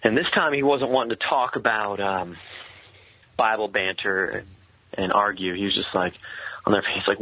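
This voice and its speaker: A man telling a personal story in earnest, halting conversational speech with many restarts. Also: lowish voice, no echo. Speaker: guest telling his story. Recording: tinny, phone-like sound.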